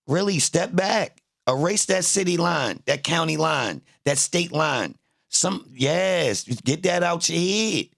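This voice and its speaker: A man rants in emphatic, profane street-style commentary. His voice has a gravelly fry. The sound is dry and close, with no room echo. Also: a little high, animated, slow pace, fairly bright tone. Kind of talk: casual streamed commentary.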